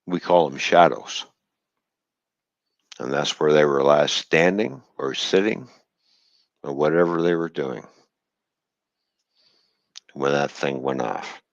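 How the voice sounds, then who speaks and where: A man's voice: very deep voice, takes it slowly, gravelly, long pauses, no echo, highs cut off. A man hosting a livestream, ranting in a heated, bitter and profane way. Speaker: livestream host. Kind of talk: angry livestream rant.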